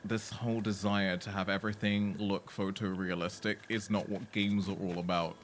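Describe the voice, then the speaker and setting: A man's voice: on the low side, flat delivery, normal speed, a little hiss or hum. Chatty male streamer talking to his cat. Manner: chatty, opinionated, talks to cat. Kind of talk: casual live stream chat.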